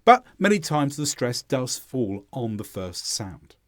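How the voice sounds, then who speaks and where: A man teaching English pronunciation, explaining clearly and modelling sounds aloud. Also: medium pitch, sing-song, a little slow, dry recording, clean studio sound. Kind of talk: instructional lesson narration.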